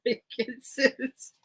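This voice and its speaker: A woman with a sharp-toned voice hosts a casual livestream, reading a children's book aloud and wandering off between pages while close to tears. She's a livestream seller who rambles chattily and leans hard on "like." The audio quality is poor.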